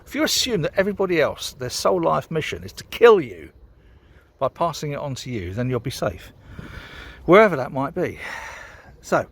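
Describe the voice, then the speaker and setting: A man's voice: fairly high pitch, very animated, moderate pace, slightly rough. A British man vlogging outdoors by a canal, rambling and sweary, a bit tipsy after a beer, ranting heatedly. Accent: British English. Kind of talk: casual outdoor vlog rant.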